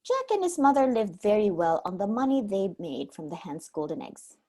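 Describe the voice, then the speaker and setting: A woman preschool teacher reading a storybook aloud to children in an expressive storytelling manner. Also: medium pitch, moderate pace.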